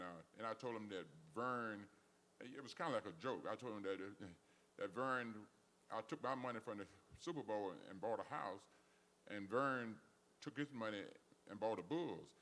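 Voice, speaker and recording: A man's voice: on the low side, fairly bright tone. An older man telling casual stories, rambling along with frequent restarts. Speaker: guest. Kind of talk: casual storytelling.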